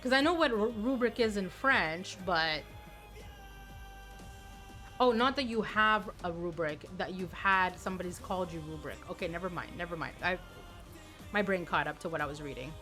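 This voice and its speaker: A woman's voice: fairly low pitch, moderate pace, bright, forceful tone, faint music behind. A woman streamer chatting casually and playfully with her viewers. She sounds a little tired and often repeats words as she restarts.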